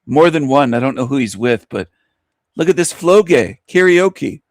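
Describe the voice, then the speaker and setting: A man hosting a reaction show in a scornful, insulting rant. His voice sits in a middle pitch. The recording is dry, with no room echo. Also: expressive, normal speed. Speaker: host reacting to a video. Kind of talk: mocking live commentary.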